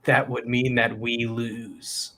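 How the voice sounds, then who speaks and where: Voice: medium pitch, level tone, takes it slowly, bright, forceful tone. A player speaking in character in a tabletop game, boastful with wry mock worry.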